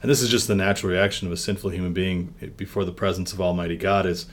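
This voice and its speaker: Deep-voiced man leading a Bible devotion. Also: steady tone, fast talker, hardly any pauses. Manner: reads scripture with rising emphasis, then talks plainly with fillers. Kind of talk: Bible reading and devotional discussion.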